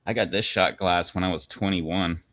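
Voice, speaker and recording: A man's voice: fairly even intonation, normal speed, fairly bright tone, dry recording. A man hosting his video channel, chatting casually and rambling with lots of fillers. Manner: rambling, filler-heavy, jokey. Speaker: channel host. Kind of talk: casual chat on a video stream. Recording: dull, dry low-fidelity audio.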